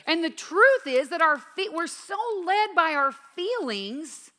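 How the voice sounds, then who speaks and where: Woman, 50s, high bright voice, earnest devotional teacher, reverberant hall. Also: big pitch swings, unhurried. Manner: earnest, emphatic, swings from quiet to intense. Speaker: Bible teacher.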